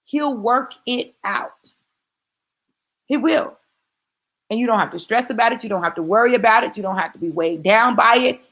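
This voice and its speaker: Gravelly, higher-voiced woman repeating herself for emphasis. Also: expressive, normal speed, pauses often, a bit bright. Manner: emphatic, repeats key phrases for stress; conversational, addresses listeners directly. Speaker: motivational speaker. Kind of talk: motivational talk to an audience.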